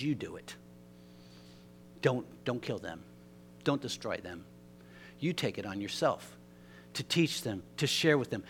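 Animated male preacher telling a story. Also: medium pitch, slight background noise. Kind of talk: sermon. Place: church.

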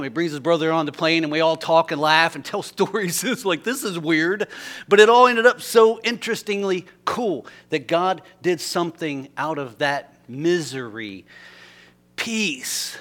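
A male pastor preaching a sermon in a church, telling a story animatedly, swinging from loud to hushed. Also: a little high, moderate pace. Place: church sanctuary.

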